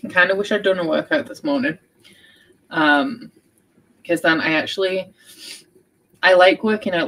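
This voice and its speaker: A woman's voice: mid-range voice, moderate pace, gravelly, a bit bright, husky, poor audio. A young woman hosting a reading livestream, chatting casually and reading out viewers' updates. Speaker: book vlogger hosting a readathon livestream. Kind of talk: casual chat.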